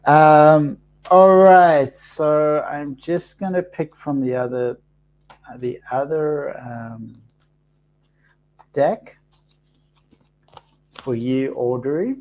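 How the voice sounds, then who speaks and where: A soft-spoken man hosting a live card reading, talking slowly and haltingly with many pauses and fillers. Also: fairly high pitch. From Africa. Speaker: host reading cards for live viewers.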